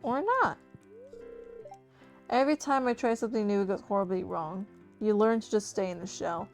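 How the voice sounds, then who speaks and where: A woman's voice: medium pitch, moderate pace, vocal fry. A young woman streamer chatting casually while playing a game, swearing freely and talking to her chat. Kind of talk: casual gameplay commentary. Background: soft game music.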